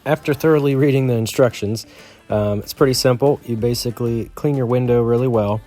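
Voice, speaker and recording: A man casually talking through a do-it-yourself car repair, relaxed and self-deprecating, with plenty of fillers. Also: mid-range voice, fairly quick, soft background music. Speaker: DIY vlogger. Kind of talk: casual how-to narration.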